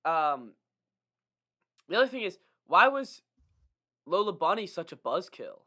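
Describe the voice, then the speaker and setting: A man co-hosting a podcast, chatting casually and nitpicking a movie with quick asides. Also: high voice, big pitch swings, sharp tone. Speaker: podcast co-host. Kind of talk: casual movie review chat.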